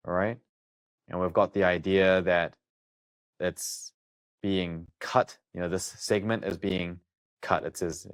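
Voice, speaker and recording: A man going through students' study notes and explaining them in a casual, thinking-aloud way. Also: deep voice. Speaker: study coach.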